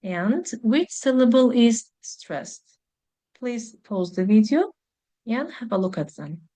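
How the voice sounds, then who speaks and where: Slow, careful woman teaching English. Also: fairly high pitch, very animated, dark tone. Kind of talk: recorded video lesson.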